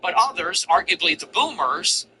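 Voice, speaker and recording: A man with a high-pitched and piercingly bright, tense voice rants through a solo podcast commentary. He hammers his points home with heated, repetitive emphasis. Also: big pitch swings, normal speed, slight background noise, poor audio. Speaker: political podcast host.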